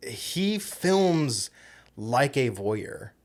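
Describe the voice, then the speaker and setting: A man's voice: medium pitch, big pitch swings, drawn-out words. A man co-hosting a podcast, chatting casually about films, rambling with frequent ums and restarts. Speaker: podcast co-host. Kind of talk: casual film-discussion chat.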